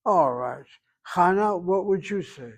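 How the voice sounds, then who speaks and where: A man teaching a Hebrew grammar class, explaining word roots slowly and drawing out pronunciations, with dry self-assured asides. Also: sits high, animated, creaky. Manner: slow, explaining, drawn-out pronunciations.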